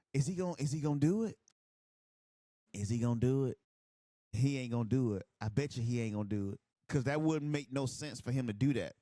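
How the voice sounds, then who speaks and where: Male reaction host, mid pitch, excitable and foul-mouthed, casual chat recorded dry and close. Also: no room sound. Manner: excitable, profane, quick outbursts.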